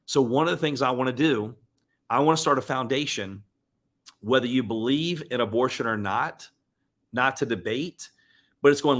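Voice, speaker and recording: A man's voice: medium pitch, moderate pace, bright, forceful tone. A man hosting a motivational live stream, speaking earnestly and emotionally. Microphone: webcam or desk mic on live stream.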